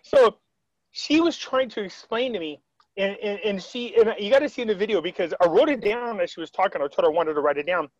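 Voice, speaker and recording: A man with a somewhat high voice talks over a video call, rambling through a story and acting out what others said. The sound is dull and lo-fi. The room is dry. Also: lively intonation, brisk, a little mellow, no room sound. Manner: rambling, retells quotes, frequent restarts. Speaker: interviewee.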